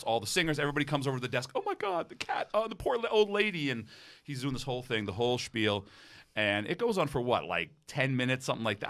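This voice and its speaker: A man with a bright, forceful voice tells a tour story in relaxed podcast chat. He jokes and rambles a little, and his pitch sits in the middle. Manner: animated anecdote teller, relaxed and joking. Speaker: podcast co-host, opera bass.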